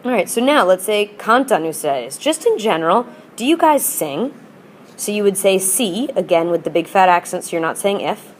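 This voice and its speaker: A woman's voice: medium pitch, expressive, normal speed, slight background noise. A woman teacher explaining grammar in a patient, upbeat lesson and modelling example phrases for students. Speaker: Spanish teacher. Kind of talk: recorded classroom lesson.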